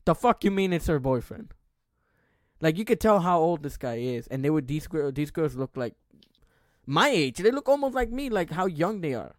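A young man in his twenties hosting a podcast, telling a story with lots of swearing and restarts. His voice sits a little high, and the recording is dry and close, with no room sound. He is animated and rambling. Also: moderate pace, dry recording. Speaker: podcast host. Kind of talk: casual storytelling chat.

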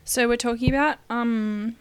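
A woman's voice: fairly high pitch, fairly even intonation, normal speed, a little hiss or hum. A woman hosting a podcast, chatting casually and trading teasing jokes with a friend. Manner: joking, teasing banter. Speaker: podcast host. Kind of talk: casual chat.

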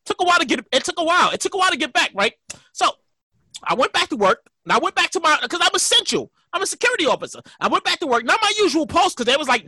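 A man hosting a casual podcast, profane and animated, telling stories and laughing often. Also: very high-pitched, quick pace, dry recording, studio quality. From New York. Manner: storytelling with loud mock reenactments. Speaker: podcast host.

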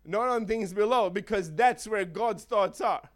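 A man preaching a sermon in an animated way, with joking asides and chuckles. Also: high-pitched, unhurried.

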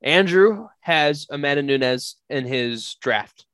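A young man with a bright, forceful voice co-hosts a loose podcast chat, swearing freely and jumping into excited shouts. His voice sits a little high and sounds dry and close, with no room around it. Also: slow pace, clear, resonant tone, no echo. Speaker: podcast co-host. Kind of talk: casual chat.

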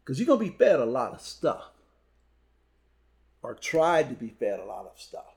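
A man's voice: mid-range voice, huge pitch swings, moderate pace, vocal fry, a little mellow. A man who speaks at schools, talking in a podcast chat with punchy repeated lines and storytelling. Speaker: motivational speaker. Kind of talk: podcast conversation.

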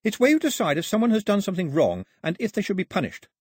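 An earnest young girl, flustered and pleading, as a man narrating a storybook lifts his voice for her. The voice sits higher than his own and keeps a slightly husky edge. It is recorded close and dry. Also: wildly swooping pitch, quick pace, a little mellow, no room sound, heavily acted.

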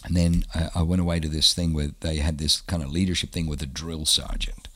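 In a casual interview, a middle-aged Australian pastor tells stories with animation, acting out the voices of the people he quotes. He has a bass voice, talks fairly quickly, and the recording is dry.

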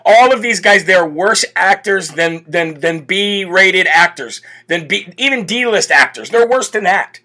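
Brash talk show guy, high bright voice, mocking, keeps asking isn't that odd. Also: unhurried, hardly any pauses. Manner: brash, mocking, fires rhetorical questions. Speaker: political talk show host. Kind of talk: opinionated live commentary.

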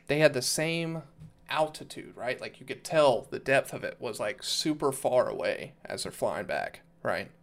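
A man's voice: mid-range voice, expressive, a little slow. A young man on a casual podcast, telling loose, profane stories full of fillers. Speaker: podcast co-host. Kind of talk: casual chat.

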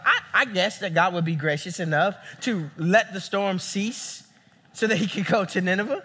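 A young man preaching a sermon as a campus pastor, animated and acting out the people he quotes. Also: sits high, moderate pace, breathy edge. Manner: animated, acts out quoted voices.

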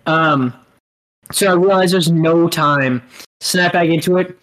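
A man's voice: on the high side, fairly bright tone, low-quality recording. Rambling man telling a story. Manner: rambling, halting storyteller who laughs while talking. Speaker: podcast co-host. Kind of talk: casual chat.

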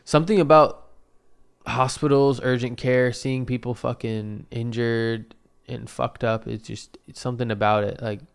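A man's voice: medium pitch, little pitch movement, moderate pace, gravelly, clear, resonant tone. A man in his twenties casually telling a rambling, profane story about his own day, with self-deprecating asides.

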